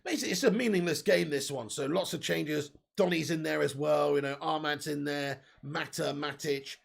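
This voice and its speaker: A man hosting a live football watch-along, commenting excitedly and reading out viewer messages. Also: a little high, normal speed, vocal fry. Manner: excitable, casual, swears, reads out viewer messages.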